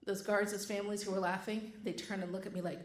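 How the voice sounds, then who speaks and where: A woman's voice: medium pitch, flat delivery, fast talker, reverberant. A woman telling a true story on stage with a wry, comic delivery. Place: stage before a live audience.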